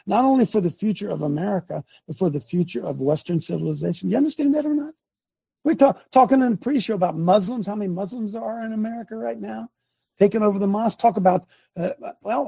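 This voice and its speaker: Male host, rough husky voice, fiery and rambling. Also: sits high, no echo. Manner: excitable, rambling, shouting asides. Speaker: host of an online talk show. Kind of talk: fiery political and religious commentary.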